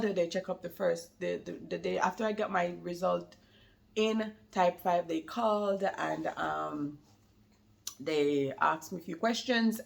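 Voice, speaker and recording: Chatty young mom with a gravelly voice. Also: female voice, on the low side, fairly bright tone. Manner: chatty and rambling, laughs often, many fillers. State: slight lingering cold. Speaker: new mother vlogger. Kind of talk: casual chat to camera.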